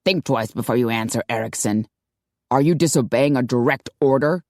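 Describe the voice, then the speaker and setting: A man's voice: mid-range voice, normal speed, a little mellow, no echo, studio quality, pitched below the performer's own voice, lightly acted. A woman voicing a stern middle-aged male vampire-hunter boss who speaks harshly and with contempt, in an audiobook. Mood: scornful. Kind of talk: audiobook character voice.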